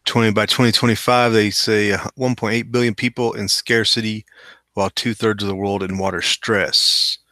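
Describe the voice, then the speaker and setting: A man's voice: fairly low pitch, flat delivery, moderate pace, bright, forceful tone, no echo. A man hosting a casual news show, reading articles aloud and adding wry, skeptical asides. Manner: skeptical, wry asides between read quotes. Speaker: host reading and commenting on articles.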